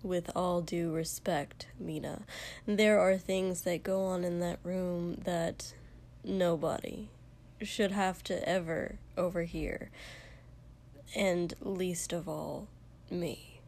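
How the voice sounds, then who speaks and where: Woman doing a tired, shy young guy, whispering and mumbling, slow. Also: fairly low pitch, steady tone, creaky, darkish tone, heavily acted. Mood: weary. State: sleepy.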